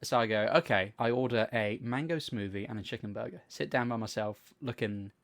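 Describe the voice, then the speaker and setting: A young man with a mid-range voice, chatting on a podcast. He tells long stories in an animated way and swears freely. He slips into other people's voices to act out what they said. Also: mid-range voice, brisk. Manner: animated storytelling, swears freely, acts out quotes. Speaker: podcast co-host. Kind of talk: casual chat.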